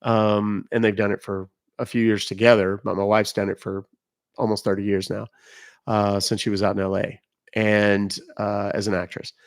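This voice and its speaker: A man's voice: fairly low pitch, little pitch movement, moderate pace. A middle-aged man chatting casually on a live stream, rambling and joking as he reacts to viewer comments. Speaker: live streamer reading chat.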